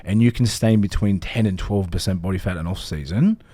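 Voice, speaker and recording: A man's voice: low-pitched, brisk, warm tone. An Australian man co-hosting a casual podcast, laid-back and rambling, swearing freely. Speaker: podcast co-host.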